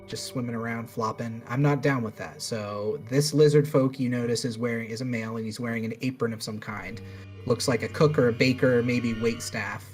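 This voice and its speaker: A man's voice: mid-range voice, steady tone, fairly quick, faint music behind. Laid-back male dungeon master. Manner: casual, laughing, swearing. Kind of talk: narrating a tabletop game.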